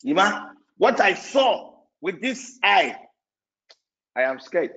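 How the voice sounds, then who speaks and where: A man preaching an evening sermon in an emotional, repetitive way, with sudden shouts. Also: high-pitched, sing-song, slow, creaky, lo-fi sound.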